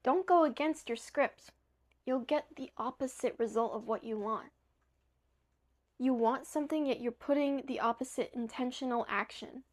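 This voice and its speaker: Young woman, kinda high voice, emphatic motivational vlog talk, a bit tired, trips over words now and then. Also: normal speed. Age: young adult. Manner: earnest, emphatic, self-correcting.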